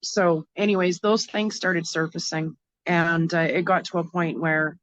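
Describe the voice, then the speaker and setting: A woman's voice: lowish voice, fairly even intonation, dry recording, lo-fi sound. Canadian woman telling her story plainly. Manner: frank, halting, many fillers and restarts. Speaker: guest. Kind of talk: interview, personal story.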